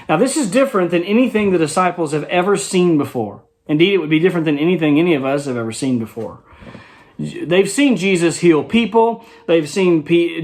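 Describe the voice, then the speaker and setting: A man's voice: a little high, darkish tone. A man teaching a Bible study in a conversational way, explaining a passage verse by verse and checking in with his listeners.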